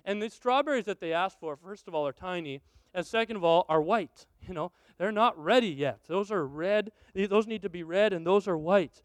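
A male pastor preaches with animated storytelling and acts out the people in his stories. His voice sits high and sounds smooth and resonant. The recording is dry and close to the mic. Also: normal speed, no echo. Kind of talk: sermon.

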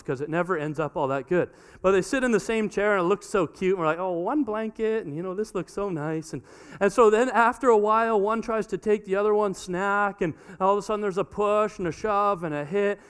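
A man in his thirties preaches a sermon to a congregation with a notably high voice. His tone is smooth and clear, and he tells the story in an animated way, acting out the dialogue. He often repeats words as he restarts a sentence. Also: fairly quick. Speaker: pastor. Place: church hall before a congregation.

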